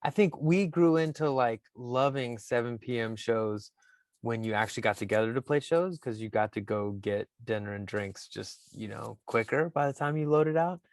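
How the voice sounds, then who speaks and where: Male host with an animated, joking delivery and a dry, close sound. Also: mid-range voice, moderate pace, dry recording. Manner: animated, playful, lots of fillers. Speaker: podcast host. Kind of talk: casual chat.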